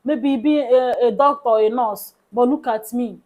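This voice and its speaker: A woman with a Nigerian accent telling a personal story in a casual, animated way, sometimes dropping into soft hushed tones. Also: a little high, moderate pace, narrow, tinny audio. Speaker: vlogger.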